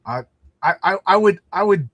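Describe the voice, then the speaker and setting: A man's voice: high voice, normal speed, dry recording. A middle-aged man, hosting a casual chat and acting out quotes as he tells stories. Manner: animated storyteller, acts out quotes. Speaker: podcast host.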